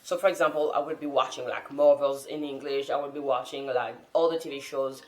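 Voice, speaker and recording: A woman's voice: extremely low pitch, steady tone, fairly quick. A woman from France, a native French speaker, talking to camera in an earnest, thoughtful and encouraging way as a language-learning vlogger. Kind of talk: casual talk to camera. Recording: roomy echo.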